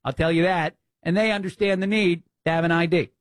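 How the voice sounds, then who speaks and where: A man's voice: high voice, fairly even intonation, brisk, dry recording. A man with a New Jersey accent, filling in as a talk radio host, talking politics in a chatty, opinionated way with plenty of fillers. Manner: opinionated, conversational, many fillers.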